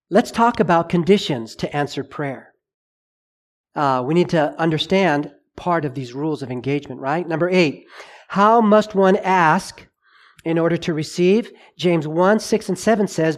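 Animated middle-aged male preacher. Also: on the high side, moderate pace. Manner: animated storyteller, acts out dialogue. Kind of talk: sermon with personal storytelling.

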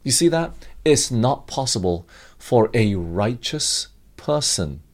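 A man's voice: mid-range voice, big pitch swings, slow pace. A middle-aged man preaching a sermon, asking the congregation questions and reading scripture aloud.

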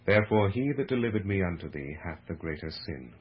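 A man playing a calm, grave male prophet on trial, speaking in a calm, even way in a dramatized reading of a religious book, heard on a muffled lo-fi radio recording. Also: deep voice, a little fast, slightly rough. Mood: calm, solemn.

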